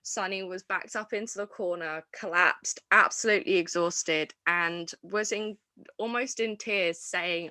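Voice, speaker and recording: Woman, lowish bright voice, enthusiastic rambling review chat, dry close mic. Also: measured pace, no echo. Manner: enthusiastic, rambling with restarts and fillers. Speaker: wrestling podcast host.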